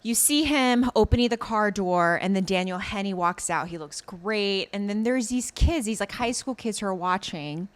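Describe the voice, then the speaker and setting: A woman co-hosting a podcast, recapping a drama in casual chat, animated with many fillers and laughs. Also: mid-range voice, normal speed, hardly any pauses. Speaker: podcast co-host.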